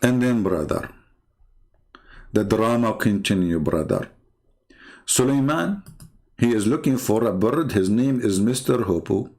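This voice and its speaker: A man's voice: fairly low pitch, lively intonation, a little slow, pauses often, darkish tone. Sarcastic man. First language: Arabic. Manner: sarcastic, addresses listeners as brother. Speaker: religious debate channel host. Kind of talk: mocking storytelling commentary.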